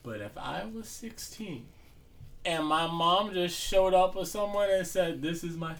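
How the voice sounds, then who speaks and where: A speaker in casual chat about a movie, lively and quick when quoting characters. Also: mid-range voice, far from the mic.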